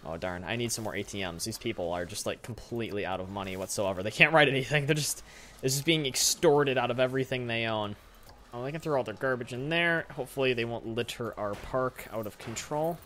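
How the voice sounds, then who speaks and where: A man's voice: medium pitch, fairly quick, fairly bright tone. A man hosting a let's play, talking through building a theme park with lots of fillers and self-corrections. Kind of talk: game commentary.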